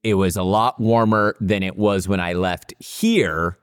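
A man's voice: sits low, steady tone, unhurried, smooth, no echo, clean studio sound. A man hosting a podcast in casual chat, chatty with lots of fillers. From California. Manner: chatty, laughs easily, many fillers. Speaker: podcast host.

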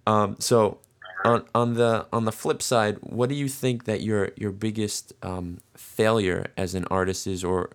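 Low-voiced New York man hosting. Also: vocal fry. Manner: friendly, joking, quick to laugh. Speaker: podcast host. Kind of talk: casual interview.

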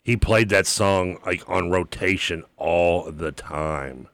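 A man co-hosting a sports radio show, animated and jokey, chatting casually with his partner. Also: low voice, slow, no room sound. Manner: animated and jokey, laughs often, lots of fillers.

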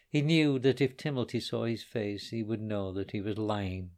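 A man reading a story aloud in a quiet, measured way. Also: fairly low pitch, steady tone. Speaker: reader. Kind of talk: storytelling narration.

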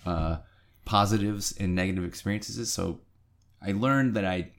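A middle-aged man co-hosting a podcast, telling a story in a casual way and acting out quotes with sudden high-pitched jumps. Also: unhurried. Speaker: podcast co-host.

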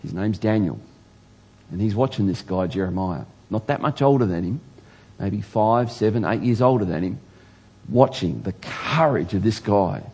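A man's voice: on the low side, expressive, normal speed, darkish tone, husky. A man preaching a sermon in an earnest way, often restarting words and pressing questions to his listeners. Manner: earnest, stammers and restarts, rising emphasis on questions.

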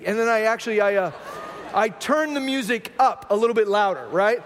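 A man's voice: very high voice, moderate pace, a bit bright, long reverb tail. A man preaching a sermon, telling a self-deprecating family story with jokes. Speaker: pastor.

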